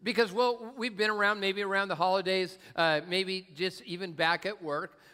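A man's voice: high voice, steady tone, moderate pace, pushed and bright, long reverb tail. A male pastor giving a conversational sermon, telling humorous stories with frequent fillers.

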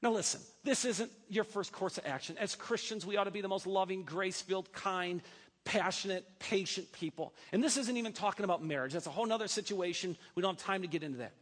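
A male pastor preaching a sermon in a church, animated and breaking in with joking asides. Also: sits high, quick pace. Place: church sanctuary. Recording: long hall reverb.

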